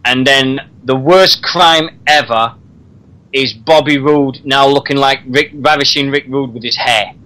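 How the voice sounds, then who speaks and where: Chatty bright-voiced man. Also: medium pitch, a little slow, low-quality recording. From Britain. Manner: chatty, laughs often, says "mate". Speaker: radio show host. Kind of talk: casual wrestling chat.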